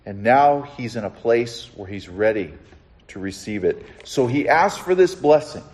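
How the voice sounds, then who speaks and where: Man as pastor, mid-pitched voice, earnest sermon delivery, soft hushes and rising emphasis. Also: lively intonation, a little slow. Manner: earnest, drops to a soft hush then rises with emphasis; asks the listeners direct questions.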